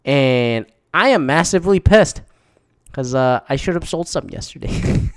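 A man's voice: on the high side, animated, moderate pace, no room sound, studio quality. A man hosting his own show, talking alone in a rambling, profane way with frequent restarts. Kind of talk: casual solo monologue.

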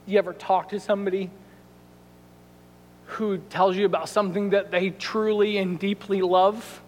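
A man preaching a sermon as pastor, telling a story in a lively way and acting out the people in it with quoted lines. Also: high-pitched, normal speed, a little hiss or hum. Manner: animated storytelling with quoted asides. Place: church sanctuary. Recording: reverberant church sanctuary.

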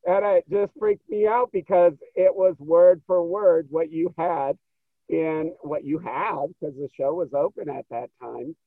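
A man guest in an interview, telling stories in an animated way and acting out what people said. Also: a little high, unhurried, dry recording. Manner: animated, acts out quoted dialogue. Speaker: interview guest, show producer. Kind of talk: storytelling interview. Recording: tinny phone line, dry.

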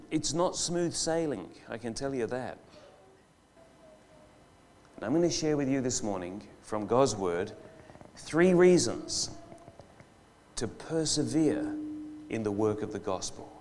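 A man preaches a live church sermon at a middle pitch. He lingers over key words, drawing them out for emphasis. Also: unhurried, long pauses, darkish tone. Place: church hall.

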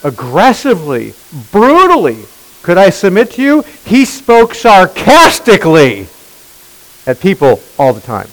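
Animated, high-voiced male preacher. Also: unhurried, rough recording. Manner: animated, questioning the congregation, emphatic. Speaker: pastor. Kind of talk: sermon.

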